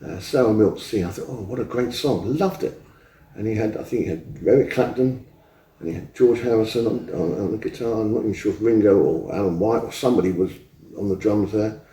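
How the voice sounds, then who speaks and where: A man in his seventies, appearing as an interview guest, tells rambling anecdotes and acts out the dialogue he remembers. His voice is on the low side and warm, and he talks fairly quickly. The recording has a roomy echo from a distant mic.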